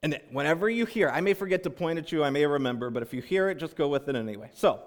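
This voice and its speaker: A man's voice: on the high side, animated, fast, few pauses. A man leading a church service who reads aloud reflectively, then playfully and encouragingly guides the congregation through a story with animal noises. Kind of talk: reading aloud and leading a participatory children's story. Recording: long reverb of large hall.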